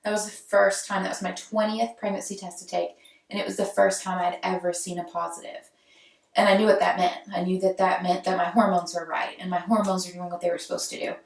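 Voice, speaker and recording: A woman's voice: on the low side, flat delivery, fairly quick, vocal fry, far from the mic. A young woman, telling her own story in a candid, conversational way. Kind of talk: personal storytelling. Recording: roomy echo, voice set back from mic.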